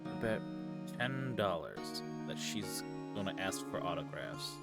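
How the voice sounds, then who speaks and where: A man's voice: low voice, sing-song, a little slow, creaky, over loud music. A man sarcastically joking and swearing while playing a video game with a friend. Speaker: let's play host. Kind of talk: casual game commentary.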